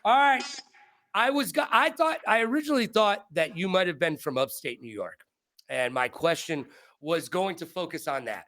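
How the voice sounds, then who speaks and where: A man's voice: high-pitched, normal speed. A man in his forties hosting an interview, joking and playful in casual chat. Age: 40s. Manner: joking, animated, playful asides. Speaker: host.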